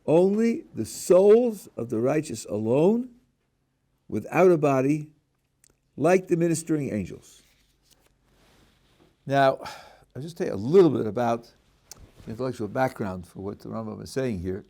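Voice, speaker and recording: A man's voice: mid-range voice, lively intonation, unhurried, gravelly, pauses often, warm tone. A middle-aged man, a rabbi, teaching a class: he reads a passage aloud and then explains it, with frequent restarts. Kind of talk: text-based lecture.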